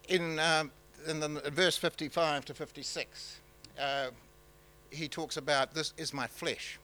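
A man preaching a sermon in a halting, conversational way, with many fillers and restarts. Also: fairly high pitch, steady tone, sharp tone, poor audio. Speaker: pastor.

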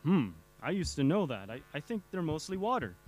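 A man's voice: fairly high pitch, very animated, fairly quick, darkish tone. A man reading a comic strip aloud, voicing a father who admits he doesn't know the answers. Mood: puzzled. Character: unsure, good-humored father.

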